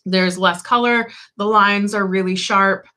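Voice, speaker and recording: A woman's voice: mid-range voice, fairly even intonation, measured pace, bright, forceful tone. A young woman hosting a casual live-stream chat, candid and rambling, full of fillers and the odd swear. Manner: chatty and candid, lots of "like" and "um", swears freely. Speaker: tarot channel host.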